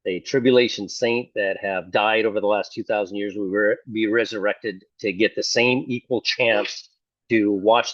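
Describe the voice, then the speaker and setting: An older online preacher speaks casually to the camera in a fairly low voice, full of sarcasm and fond of mocking opponents in put-on voices. The recording is muffled, though with no echo.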